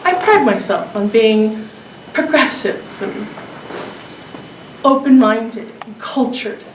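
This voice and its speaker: Woman storyteller poking fun at herself, slow and hesitant, lots of ums, echoey room from far off. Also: a little high, a little hiss or hum. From Los Angeles area. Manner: self-mocking, hesitant, many fillers. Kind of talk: live comic storytelling.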